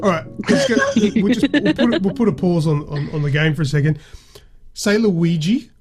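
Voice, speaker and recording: A podcast host running a word game in casual chat, teasing and animated. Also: mid-range voice, quick pace. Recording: music playing underneath. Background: music.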